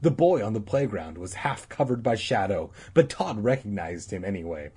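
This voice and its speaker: A man's voice: on the low side, expressive, normal speed, mellow, slightly rough. A man casually reading a children's book aloud, irreverent, stumbling and correcting himself. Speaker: reader.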